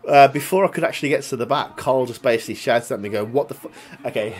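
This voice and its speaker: Here a young adult man speaks at a quick pace in a medium pitch. He's telling a story about a grudge in relaxed conversation, cursing heavily and chuckling along the way.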